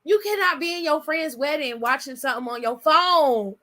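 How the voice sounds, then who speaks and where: A woman hosting her own channel, chatting loudly and bluntly with her chat and swearing freely. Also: high voice, animated, moderate pace. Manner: loud, blunt, profane, reads chat aloud. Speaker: channel host. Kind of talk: casual livestream chat.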